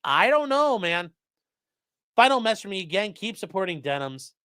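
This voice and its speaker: A man's voice: sits high, big pitch swings, moderate pace, sharp tone, smooth, no room sound, studio quality. A man doing mocking, sarcastic live-stream commentary while reading chat, swearing often.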